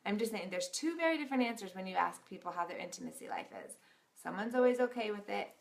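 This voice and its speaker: A woman vlogger telling a personal story in a casual, chatty way, giggling as she goes. Her voice has a gravelly fry and sits at a middle pitch. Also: lively intonation, quick pace. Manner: giggly, chatty, with frequent laughs.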